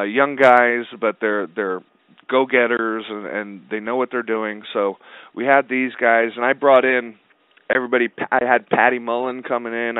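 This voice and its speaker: A man's voice: mid-range voice, smooth, dry recording. Man, guest on a call-in interview, blunt and profane, tinny dry phone line. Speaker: guest film producer. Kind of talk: casual storytelling interview.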